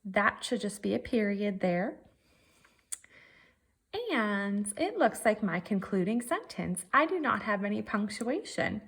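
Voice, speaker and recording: Slow, gravelly-voiced woman teacher. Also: medium pitch, lively intonation, a bit bright. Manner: methodical, thinking aloud step by step. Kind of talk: virtual writing lesson.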